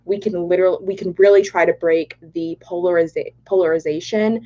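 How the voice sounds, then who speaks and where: A woman's voice: lowish voice, brisk. Bubbly young Texan woman on a lo-fi livestream. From Texas, Dallas. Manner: bubbly and excitable, reads chat aloud. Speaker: political vlogger. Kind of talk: casual livestream chat. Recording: dull lo-fi livestream audio.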